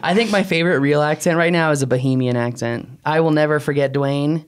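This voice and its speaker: A man co-hosting a casual podcast discussion, animated, his pitch jumping up, laughing often. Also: brisk, a little hiss or hum. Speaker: podcast co-host, drone pilot.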